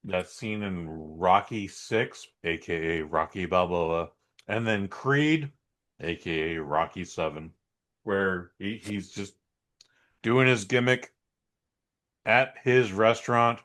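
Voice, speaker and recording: A man's voice: fairly low pitch, takes it slowly, a bit bright. A young man, chatting casually as a podcast co-host, rambling and swearing as he acts out little scenes. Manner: rambling, swearing, plays out scenes in quoted voices. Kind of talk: casual chat.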